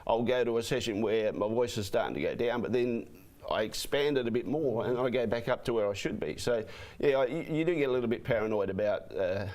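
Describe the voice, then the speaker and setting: Give me a hoarse man, a race caller telling chatty stories as a guest. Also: medium pitch, fairly quick. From Australia. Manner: chatty, animated anecdotes with repeated "you know what I mean". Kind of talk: interview guest storytelling.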